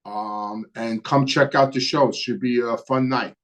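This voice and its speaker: A middle-aged man with a Brooklyn accent, hosting a casual live stream and answering viewer questions in a relaxed, rambling way with many hesitant fillers. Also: mid-range voice, unhurried. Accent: Brooklyn New York. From New York. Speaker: host.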